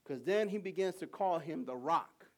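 A man preaching a sermon in a church, animated, asking the congregation for call and response. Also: a little high, normal speed.

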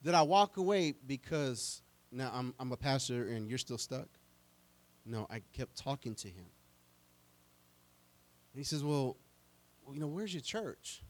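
A middle-aged man preaching a sermon as pastor, talking plainly and conversationally, with stammered restarts and bursts of animated, acted-out quotes. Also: mid-range voice, a little slow, long pauses.

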